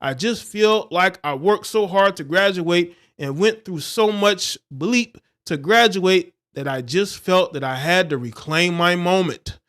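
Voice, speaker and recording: High-voiced scornful man ranting on a livestream. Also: measured pace, few pauses, fairly bright tone. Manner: scornful, insulting, preachy. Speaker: livestream host. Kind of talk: reading news and ranting commentary.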